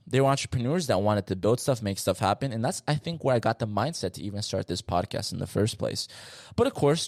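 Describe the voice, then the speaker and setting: A young man from South Florida hosting a solo podcast, talking in an animated, slangy and emphatic way with frequent asides. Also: on the low side, no room sound, studio quality. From South Florida, USA. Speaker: podcast host.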